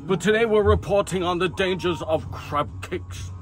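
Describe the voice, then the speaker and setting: A man's voice: high-pitched, normal speed, rough recording. A man playing a goofy mock field reporter, talking mock-serious and laughing at his own slips. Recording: loud music under the voice.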